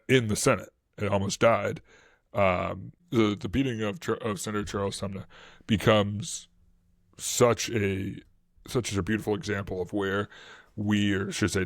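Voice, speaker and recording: Recorded dry and clean in a studio, a lowish-voiced man with a Boston accent co-hosts a history podcast. His casual explanations wander, full of fillers and restarts, and he perks up when quoting.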